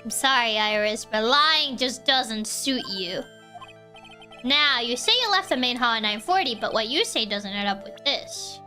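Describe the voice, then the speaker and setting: An earnest young lawyer grills a witness in a courtroom game, voiced high and bright with a lively, swinging pitch by a woman reading his lines. His tone stays firm and accusing. Soft music plays behind him. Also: unhurried. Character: young male defense lawyer, earnest and pressing.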